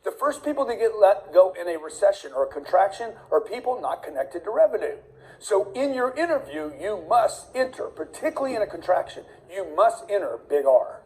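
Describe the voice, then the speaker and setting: A man's voice: sits high, very animated, fairly quick, darkish tone, rough recording. A man giving motivational career advice, emphatic and fond of long repeated lists. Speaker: career coach. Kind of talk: motivational talk to camera.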